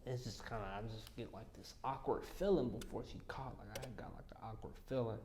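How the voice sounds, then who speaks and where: A man's voice: medium pitch, steady tone, brisk, darkish tone, slight background noise. A young man telling an emotional story in a casual interview in a studio, slangy and often saying "you know what I'm saying". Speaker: interview guest.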